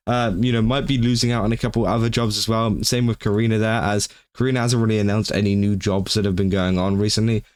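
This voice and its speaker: A man's voice: fairly low pitch, clean tone, no room sound. A man giving casual gaming-news commentary, rambling with lots of fillers and exasperated outbursts.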